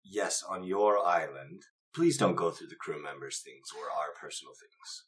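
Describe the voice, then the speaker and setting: A man's voice: low-pitched, moderate pace, a bit bright. A man speaking as a player in a tabletop game, firm and matter-of-fact. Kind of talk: tabletop role-play.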